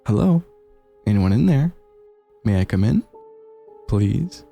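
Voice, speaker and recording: A man voicing a shape-shifting creature that mimics polite visitors, pleading at the door in high put-on voices. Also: big pitch swings, slow, gravelly, dark tone, soft background music, full character voice.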